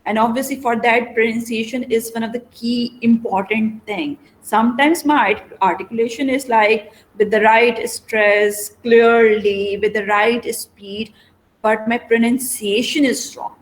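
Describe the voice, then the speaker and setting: Woman teacher lecturing her class, kinda high voice, asks lots of questions to the room. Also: fairly even intonation, measured pace, poor audio. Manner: explains step by step with rhetorical questions.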